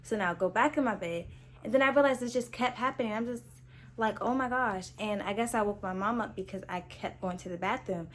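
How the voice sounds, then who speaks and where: A woman's voice: medium pitch, fairly quick, faint music behind. A young woman casually telling her own story to her viewers, candid and chatty, with lots of "like" and "so I'm like". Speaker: vlogger.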